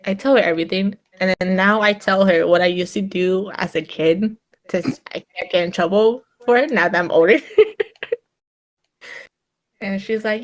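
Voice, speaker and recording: A young woman co-hosting a podcast chats casually at a normal speed in a mid-range voice. She's a chatty storyteller who laughs a lot and acts out back-and-forth exchanges, often quoting her mom.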